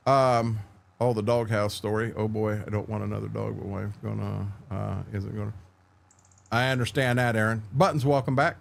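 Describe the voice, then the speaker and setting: A middle-aged man hosts a casual livestream from home, telling rambling, candid stories, often restarting his sentences and answering chat by name. His voice is on the low side and gravelly, at a moderate pace.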